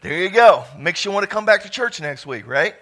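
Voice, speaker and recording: Fervent preacher man, bright and high. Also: sing-song, brisk. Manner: fervent, bursts into shouts and exclamations. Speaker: pastor. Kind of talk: sermon. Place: church.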